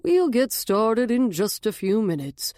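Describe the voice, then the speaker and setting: A woman voicing a genial man in his late fifties who likes playing host, speaking slowly and expansively. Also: high voice, sing-song, darkish tone, dry recording, studio quality, pitched above the performer's own voice. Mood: welcoming.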